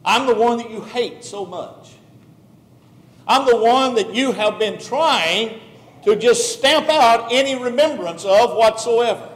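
Stern, rebuking voice of Jesus, as a preacher puts it on. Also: male voice, very high voice, takes it slowly, fairly bright tone, full character voice. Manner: firm, rebuking questions. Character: Jesus, a stern but patient man calling out from heaven. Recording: echoey hall recording.

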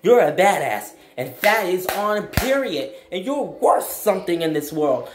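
A man's voice: sits high, very animated, unhurried, few pauses, a little hiss or hum. A young man ranting in a vlog, emphatic and blunt, repeating his points with slang. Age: young adult. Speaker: vlogger. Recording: echoey room.

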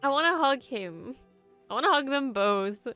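A young woman hosting a casual reaction video, excitable and quick to swear and gush. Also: high voice, no room sound, soft background music. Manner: excitable, swears often, gushes.

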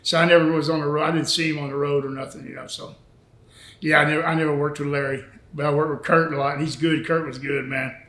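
A man's voice: on the high side, flat delivery, fast, fairly bright tone, echoey room. An older man, a retired wrestler telling old road stories in an interview, folksy and full of laughs and fillers. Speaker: retired wrestler and former booker. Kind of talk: storytelling interview.

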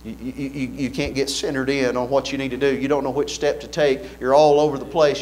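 A man's voice: a little high, fairly even intonation, fairly quick, hardly any pauses, slight background noise. A man preaching an earnest sermon in a church, building fervor with repeated phrases.

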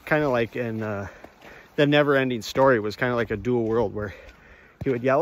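A man vlogging on a walk outdoors, rambling in a halting way, often restarting and calling his viewers folks. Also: mid-range voice, no room sound, dull audio. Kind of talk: rambling walk-and-talk monologue. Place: outdoors on a walk among trees.

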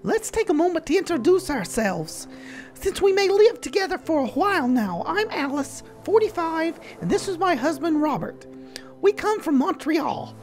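A man voicing a chirpy, sociable middle-aged woman in a high sing-song falsetto for a video game. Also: very animated, normal speed, faint music behind, heavily acted. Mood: cheerful.

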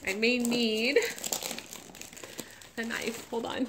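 A woman gushing emotionally as she unboxes a reborn doll, close to tears with excitement. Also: medium pitch, slow, pauses often, background noise. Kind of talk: unboxing vlog.

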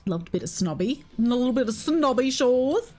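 A woman streaming a shooter game, chatting excitably to her viewers and giggling at her own plays. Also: fairly high pitch, normal speed, a little hiss or hum. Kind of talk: casual gameplay commentary to viewers.

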